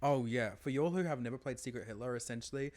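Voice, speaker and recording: A young man co-hosting a podcast in campy, excitable casual chat. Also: medium pitch, quick pace. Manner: campy, excitable, bursts into loud laughter. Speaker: podcast co-host.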